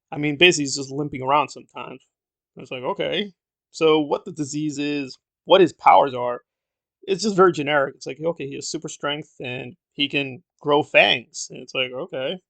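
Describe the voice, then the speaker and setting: A man reviews a film in a casual monologue, blunt and exasperated, often trailing into fillers. His voice is a touch high and gravelly with fry. The sound is dry and close, with no room around it. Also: dry recording.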